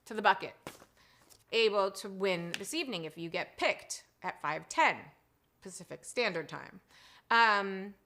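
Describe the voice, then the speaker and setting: A middle-aged woman with a medium-pitched voice hosts a live-stream show at an unhurried pace. She greets viewers in the chat warmly, effusive and gushing, chatting with frequent "um" and "you guys."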